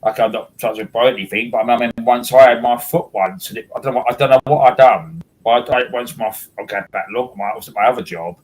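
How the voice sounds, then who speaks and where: A man's voice: mid-range voice, quick pace, few pauses, darkish tone, rough recording. Rambling man chatting. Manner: rambling, repeats words and restarts. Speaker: host. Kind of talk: casual chat.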